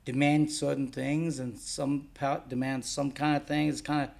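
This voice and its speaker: A man's voice: mid-range voice, flat delivery, normal speed, creaky, a little mellow. A man being interviewed about running his DVD label, talking bluntly and rambling, swearing freely. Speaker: guest, DVD label owner. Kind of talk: casual interview chat.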